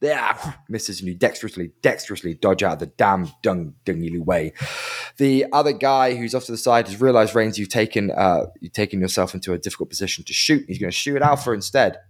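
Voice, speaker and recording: Man, game master, playful rambling narration, fairly low voice. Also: animated, brisk, breathy edge.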